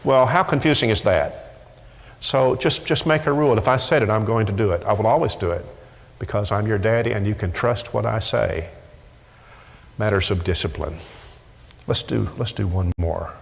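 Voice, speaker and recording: A man's voice: fairly low pitch, normal speed, vocal fry. A middle-aged man preaching a sermon emphatically, often repeating words as he presses a point. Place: church sanctuary. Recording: echoey church hall.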